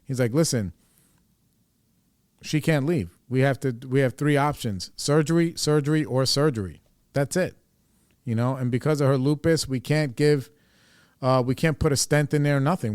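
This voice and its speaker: A man's voice: medium pitch, normal speed, darkish tone, clean tone, dry recording, studio quality. A man hosting a podcast, telling a personal story in a casual, rambling way, full of fillers and swearing. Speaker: podcast host.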